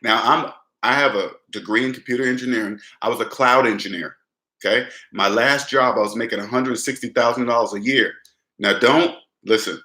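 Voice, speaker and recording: Young man, conversational finance talk, repeats himself; bright tone, roomy echo. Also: medium pitch, fairly quick. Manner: conversational, repeats phrases, addresses listener as man. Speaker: personal finance vlogger. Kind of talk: casual talk to camera.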